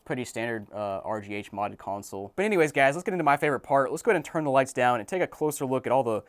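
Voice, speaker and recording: A young man hosting a casual unboxing video, excited and exclaiming as he goes. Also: medium pitch, rapid-fire, clean tone, no room sound. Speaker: video host.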